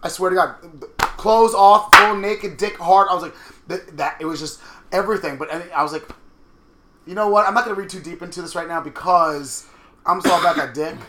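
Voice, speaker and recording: Fast, bright-voiced man telling stories. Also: high-pitched, slight background noise. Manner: animated, quick storytelling with quoted asides. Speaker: podcast co-host. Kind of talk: casual chat.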